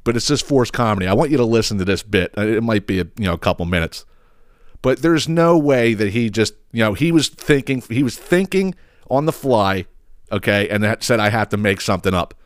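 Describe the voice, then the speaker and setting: A man hosting his own podcast in a casual, ranting way. His voice sits low and his delivery is blunt, profane and exasperated. The sound is dry and close, with no room around it. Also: lively intonation, fairly quick, clear, resonant tone, dry recording. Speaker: podcast host.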